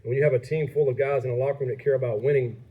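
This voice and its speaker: A man, a head football coach, answering questions at a postgame press conference in an upbeat, halting way. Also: mid-range voice, steady tone, slightly rough, phone-quality sound.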